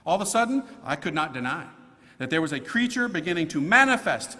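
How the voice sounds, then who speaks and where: Animated priest telling his conversion story. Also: fairly high pitch, moderate pace, big-room sound. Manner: emphatic, animated, slangy storytelling. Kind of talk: conversion testimony talk to an audience.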